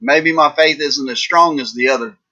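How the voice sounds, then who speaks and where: A man's voice: fairly high pitch, normal speed, pushed and bright, lo-fi sound. A man voicing a worried male preacher in a spoken joke, earnest and pleading.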